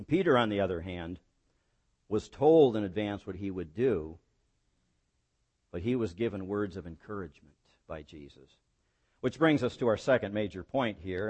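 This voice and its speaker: Male pastor, sermon delivery, highly animated intonation, dramatic highs and lows. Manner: expressive preaching, rising on quoted lines and dropping low for emphasis.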